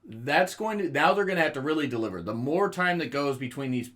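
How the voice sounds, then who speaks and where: A man's voice: a little high, expressive, a little fast, fairly bright tone. A man co-hosting a podcast, chatting loosely about wrestling, swearing freely and laughing at his own jokes. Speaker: podcast co-host. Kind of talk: casual wrestling chat.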